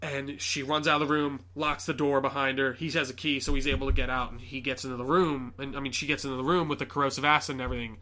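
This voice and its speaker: A man's voice: mid-range voice, fast talker, hardly any pauses. A young man hosting a podcast, casually retelling a film scene by scene, acting out the characters and swearing often. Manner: animated storyteller, acts out scenes, swears often. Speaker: podcast host. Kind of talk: casual movie recap chat.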